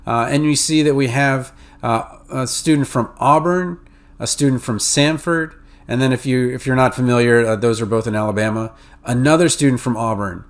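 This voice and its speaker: This podcast host speaks with a New England and Mid-Atlantic accent, offering casual guidance to pharmacy students and leaning heavily on fillers and restarts. He has a mid-range male voice and talks at a moderate speed.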